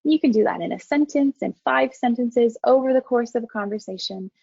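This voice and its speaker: The audio of this online training lecture is dry, dull and lo-fi, typical of a webinar. The speaker, a university counseling instructor, has a fairly high, mellow, slightly raspy voice with lots of vocal fry and a calm, measured, gentle delivery.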